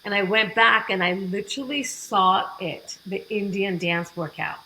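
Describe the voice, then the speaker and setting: A woman guest on a podcast, telling her story in a lively way and acting out the dialogue she quotes. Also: medium pitch, measured pace, a little hiss or hum, poor audio. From United States. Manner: animated, acts out quoted dialogue. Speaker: fitness program founder, guest.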